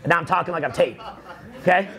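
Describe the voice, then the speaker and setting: A middle-aged man, a social skills coach, ranting with heavy swearing and bursts of shouted quotes. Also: fairly high pitch, fast, crowd noise. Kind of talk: profane motivational rant.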